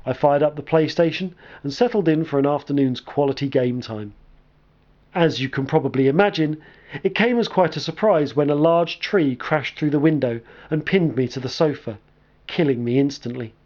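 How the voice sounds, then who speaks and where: A man narrating a scripted comic story in a wry, deadpan manner. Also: a little high, normal speed, dull audio. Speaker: storyteller and game reviewer.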